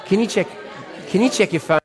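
High-voiced Australian pastor preaching. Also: male voice, a little fast, some chatter behind. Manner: anecdotal, repeats key phrases for emphasis. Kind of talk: sermon. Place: church service.

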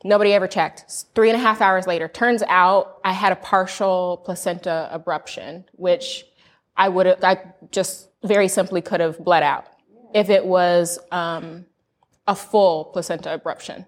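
A young woman from the United States recounts a personal story in candid conversation. She is earnest and animated. Her voice sits a little low for a woman. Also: normal speed. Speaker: panel guest sharing a birth story. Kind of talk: candid casual chat.

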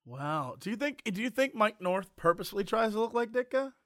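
High, bright, excitable man. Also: fairly quick, dry recording, clean studio sound. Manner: excitable, laughs a lot, reacts loudly. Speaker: podcast co-host. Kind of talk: casual chat.

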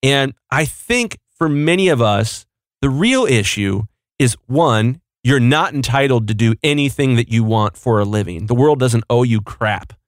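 A man's voice: medium pitch, lively intonation, measured pace, no echo, clean studio sound. A married man hosting a podcast, speaking bluntly and with strong opinions. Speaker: podcast host. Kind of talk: casual podcast chat.

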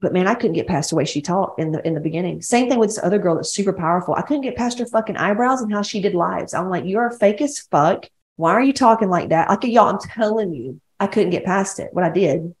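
A woman's voice: on the low side, lively intonation, fast, hardly any pauses, darkish tone, roomy sound. A woman from West Georgia with a Southern accent hosting her own podcast, talking bluntly and rambling, with plenty of swearing. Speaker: podcast host, women's coach. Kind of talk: casual solo podcast monologue.

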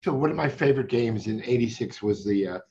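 A man's voice: medium pitch, expressive, fast, darkish tone. A man hosting a sports interview and asking chatty, fan-like questions about old games. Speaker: sports radio host. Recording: slightly dull, muffled audio.

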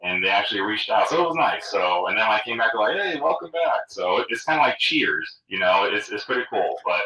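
A man's voice: fairly low pitch, animated, a little fast, bright, forceful tone. A middle-aged man chatting casually as a guest fan, hesitant, with many ums and restarts. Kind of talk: casual chat. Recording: roomy echo, distant from the mic.

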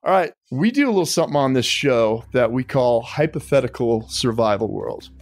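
A man hosting a podcast, calmly explaining the rules of a game segment. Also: mid-range voice, moderate pace. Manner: relaxed, explains rules step by step. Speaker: podcast host.

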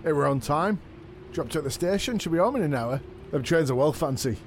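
A man playing a dim, boastful male wrestling champion in a comedy podcast sketch, blunt and excitable. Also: a little high, fairly quick, a little hiss or hum.

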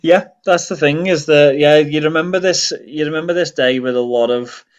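A man's voice: fairly high pitch, moderate pace, highs cut off. A man from Northern Ireland co-hosting a casual podcast, explaining earnestly in long run-on sentences. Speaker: podcast co-host.

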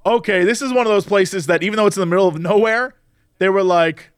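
Excitable high-voiced man. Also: fast, clean tone, no room sound, clean studio sound. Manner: excitable, swearing, puts on mock voices. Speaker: podcast co-host. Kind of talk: casual chat.

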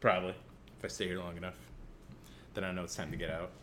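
A man's voice: deep voice, little pitch movement, fast, very noisy. A man with a Central Illinois accent co-hosting a podcast in casual, rambling chat, joking and laughing often. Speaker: podcast co-host.

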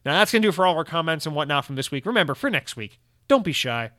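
A man's voice: a little high, very animated, racing, pushed and bright, no room sound, clean studio sound. A man hosting his own podcast, talking alone in a casual, rambling way, sarcastic and goofy with a lot of swearing. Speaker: podcast host. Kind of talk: casual solo podcast monologue.

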